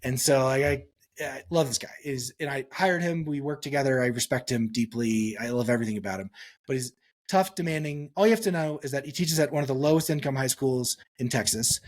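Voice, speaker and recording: A male psychologist answering interview questions on a podcast, telling stories and acting out quotes with sudden pitch jumps. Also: a little fast. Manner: animated storytelling, acts out quotes with pitch jumps. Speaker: psychologist guest.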